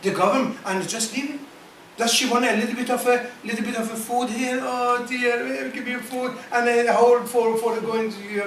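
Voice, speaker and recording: A high-voiced man gives an impassioned speech to a gathering of scholars in broken, non-native English. He keeps repeating phrases and firing rhetorical questions, and breaks into rapid Quranic verses in Arabic. He sounds distant, with the roomy echo of a meeting hall. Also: a bit bright, slight background noise. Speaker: speaker addressing a gathering of Islamic scholars. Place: meeting hall at a community centre. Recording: echoey hall, voice from far off.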